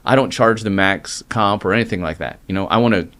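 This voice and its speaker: This casual interview features a middle-aged mortgage loan originator with a lowish voice, talking fairly quickly. He shares his story with energy, animatedly acting out what happened.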